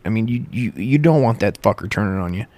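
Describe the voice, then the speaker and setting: A man's voice: lowish voice, lively intonation, fast, a little mellow. A man rambling through a crude, profane comic monologue, stumbling and correcting himself as he goes.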